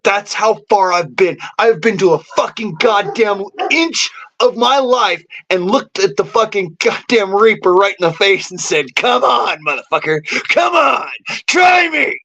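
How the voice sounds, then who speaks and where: A man's voice: high-pitched, measured pace, hardly any pauses, fairly bright tone, slight background noise. A man delivering a defiant, boastful rant to camera, swearing heavily. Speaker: vlogger. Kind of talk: profane angry rant. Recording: dull lo-fi audio.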